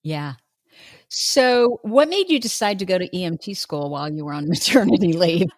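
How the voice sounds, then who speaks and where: A woman's voice: lowish voice, expressive, normal speed, no echo, studio quality. A woman hosting a podcast, asking friendly, curious questions in a casual chat. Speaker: podcast host.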